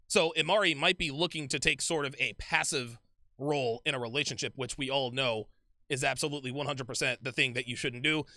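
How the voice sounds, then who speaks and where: A man giving casual, profane reaction commentary on a dating show, animated and repetitive. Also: mid-range voice, brisk, no room sound, clean studio sound. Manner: animated, profane, repeats himself.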